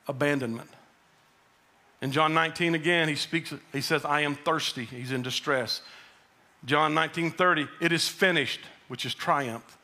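A male pastor preaching a sermon in a high, bright voice. He pushes his delivery up and then lets it fall low and quiet for emphasis. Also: normal speed. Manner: preaching, rising to shouted quotes then dropping low.

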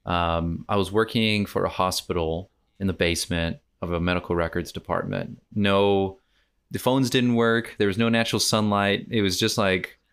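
An American man with a very low, smooth, clean voice talks loosely on a podcast. He rambles through his points, laughs easily and slips into small quoted voices when telling stories. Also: steady tone, normal speed, a bit bright. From United States. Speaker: podcast guest. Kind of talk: casual podcast chat.

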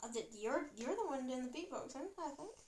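High, lively woman in an echoey room. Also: brisk, a little hiss or hum. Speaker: co-host. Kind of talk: casual chat.

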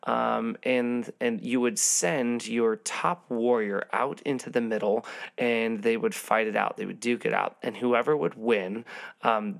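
A man's voice: on the low side, creaky. A man casually retelling a Bible story as a teacher, loose and full of ums and restarts. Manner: loose, filler-heavy storytelling with frequent ums.

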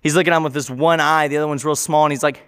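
Man, rambling storyteller, fairly high voice, self-correcting, dry close sound. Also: fairly even intonation, racing, fairly bright tone, smooth, dry recording. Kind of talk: casual improvised storytelling.

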